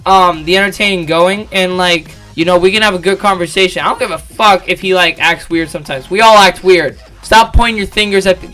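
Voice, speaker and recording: A man's voice: high voice, fairly quick, few pauses, bright, forceful tone, faint music behind. A young man telling a rambling story about school, swearing a lot and restarting often. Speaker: vlogger. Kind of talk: casual storytelling.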